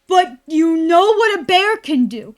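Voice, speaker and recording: High-voiced, swearing woman streamer. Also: very animated, measured pace, soft background music. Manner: profane, ranting, rambling. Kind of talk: casual stream chat.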